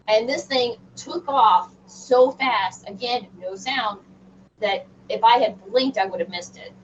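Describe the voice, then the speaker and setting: Woman, middle-aged, animated emphatic storyteller, far from the mic, muffled sound. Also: fairly high pitch, a little slow. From Southern United States. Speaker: guest. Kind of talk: recounting a personal story in an interview. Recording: distant, dull remote audio with faint noise.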